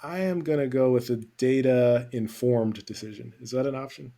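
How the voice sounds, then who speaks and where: A man from the US East Coast, a podcast guest giving relaxed, brief answers and laughing often. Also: mid-range voice, moderate pace, vocal fry. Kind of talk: casual interview answers.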